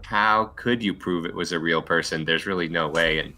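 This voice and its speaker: A man's voice: low-pitched, normal speed, slight background noise. A man in a casual group call, telling an anecdote and acting out the quoted lines. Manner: animated storyteller, acts out quoted lines. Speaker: webcomic creator.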